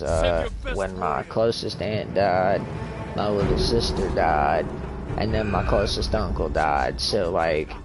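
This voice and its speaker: A young man streaming a game, telling a painful personal story in a halting, emotional way with many restarts. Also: sits low. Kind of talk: casual storytelling.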